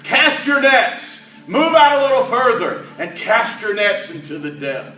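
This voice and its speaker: A man voicing Jesus as a calm, commanding teacher in a church monologue, measured in his words. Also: extremely high pitch, soft background music, voice pushed up, full character voice. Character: Jesus, calm grown male teacher speaking with authority. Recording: echoey church hall, mic at a distance.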